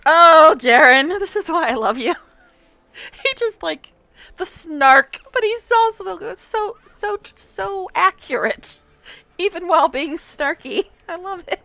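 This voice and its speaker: A woman's voice: very high-pitched, expressive, slow pace, vocal fry, sharp tone, dry recording. A woman streaming a game, chatting casually and gushing with frequent giggles. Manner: giggly and gushing, laughs often. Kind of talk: casual livestream chat while reading game dialogue aloud.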